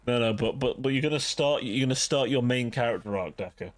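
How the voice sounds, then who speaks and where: A man's voice: medium pitch, fast, hardly any pauses, faint music behind. A man hosting a livestream, chatting casually with viewers in a rambling, profane way, filling his talk with "like". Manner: rambling, profane, ranting, heavy use of "like". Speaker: livestream host.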